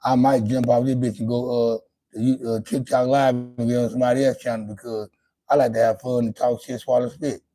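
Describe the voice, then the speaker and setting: A man's voice: mid-range voice, level tone, fairly quick, mellow. A man hosting his own livestream, talking loosely and profanely to his chat, rambling with lots of restarts. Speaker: livestream host. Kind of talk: casual livestream monologue.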